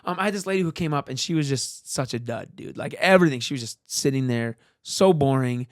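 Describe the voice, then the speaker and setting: A man's voice: mid-range voice, expressive, a little fast. A man, a magician and guest, telling a personal story in an earnest, casual way, with many "like" and "um" fillers.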